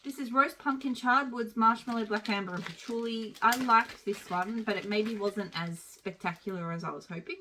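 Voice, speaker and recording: A woman's voice: a little high, moderate pace, few pauses, sharp tone, slight background noise. A woman chatting casually as she reviews wax melts, rambling with plenty of fillers. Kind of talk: casual product review chat.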